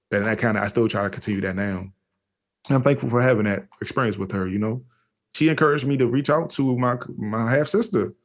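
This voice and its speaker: A man from the Washington, D.C. area, speaking candidly and slangily as an interview guest, with frequent restarts. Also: fairly low pitch. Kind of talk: candid personal storytelling.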